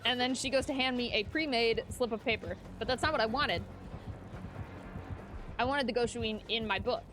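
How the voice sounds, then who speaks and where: A woman's voice: a little high, normal speed, over music. A woman streaming a game, telling stories in casual, chatty talk with bursts of laughter. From United States. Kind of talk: casual chat while gaming.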